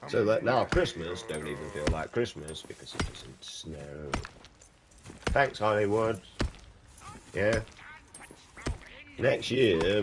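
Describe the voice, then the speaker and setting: Deep-voiced British man ranting. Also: background noise. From United Kingdom. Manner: swearing, ranting, chatting to viewers. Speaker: gaming streamer. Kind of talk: casual livestream chat.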